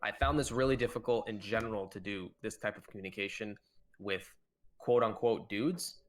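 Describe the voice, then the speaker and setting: Animated low-voiced man sharing tips. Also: normal speed. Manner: animated, shifts pitch to act out quoted dialogue. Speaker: podcast co-host. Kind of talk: casual chat.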